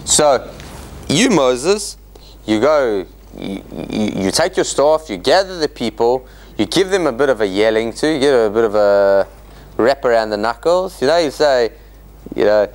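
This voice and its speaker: A man's voice: medium pitch, big pitch swings, normal speed, darkish tone. A man teaching as a rabbi in an interactive class, questioning his listeners and acting out the quotes he reads.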